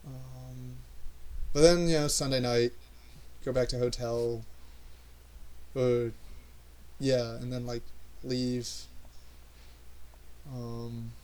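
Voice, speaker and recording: A man's voice: medium pitch, level tone, very slow, long pauses, darkish tone, rough recording. A man chatting casually as a podcast co-host, rambling and trailing off with lots of fillers. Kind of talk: casual chat.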